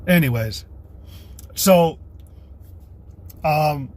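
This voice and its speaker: A man's voice: fairly high pitch, expressive, normal speed, slight background noise. A man from the United States preaching on a livestream, alternating blunt, profane ranting with reading scripture aloud. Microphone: streaming setup.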